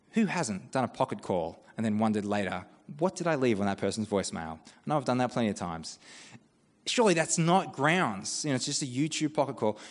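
A man with an Australian accent preaches a sermon in a conversational, animated way. He breaks off into quoted asides. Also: medium pitch. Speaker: pastor. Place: church. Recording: long church reverb.

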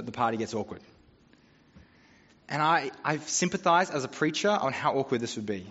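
Humorous pastor in reverberant church. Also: male voice, medium pitch, a bit bright. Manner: humorous, conversational storytelling. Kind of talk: sermon. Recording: dull sound with long church reverb.

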